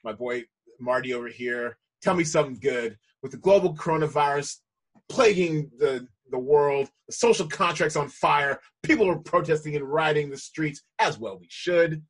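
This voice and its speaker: A man's voice: fairly high pitch, moderate pace, slightly rough. A man hosting a podcast, playful and hyped, laughing often as he chats. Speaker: podcast host. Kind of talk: casual chat.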